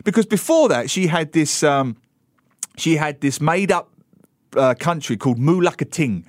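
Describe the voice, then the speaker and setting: A middle-aged man talks as a guest on a radio interview. His voice sits a little high for a man and he tells his story with lively energy, often acting out the voices of the people he quotes. The studio sound is dry and close. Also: moderate pace, no echo. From Britain. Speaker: author guest.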